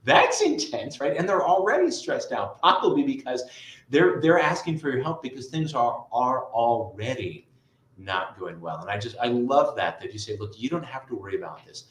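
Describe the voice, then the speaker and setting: A middle-aged man, a guest tutor and author, telling stories in a lively conversational interview and often adding "right?". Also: mid-range voice, normal speed, roomy sound, rough recording. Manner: lively, storytelling, frequent "right?" asides.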